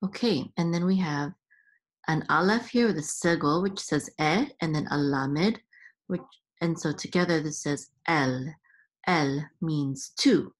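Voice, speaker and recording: A woman's voice: low-pitched, measured pace. A woman hosting a reading lesson, patiently sounding out letters and syllables one at a time. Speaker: Hebrew reading teacher and podcast host.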